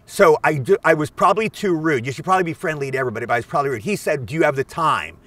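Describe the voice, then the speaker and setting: A man in his sixties tells stories fast and eagerly, his voice a bit higher than most men's. He sits back from the microphone, so the sound is distant and open. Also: dry recording. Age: 60s. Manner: animated, eager storyteller. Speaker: actor guest. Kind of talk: anecdotal storytelling. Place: outdoors at a film location.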